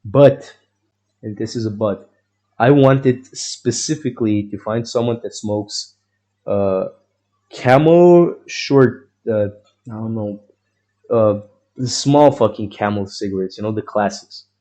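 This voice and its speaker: Low, dark-voiced young man rambling. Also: takes it slowly. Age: young adult. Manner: rambling, profane, full of fillers and restarts. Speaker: vlogger. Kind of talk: rambling personal storytelling.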